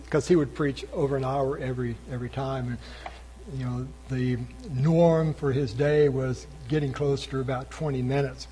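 A man preaching as pastor, building to loud emphatic peaks. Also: a little high, slightly rough, low-quality recording. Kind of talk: sermon.

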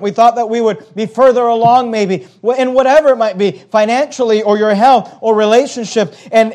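A pastor delivering a sermon in a high voice. He reads old scripture wording aloud, then drops into quiet, low explanation. His delivery moves between emphatic, raised passages and soft ones.

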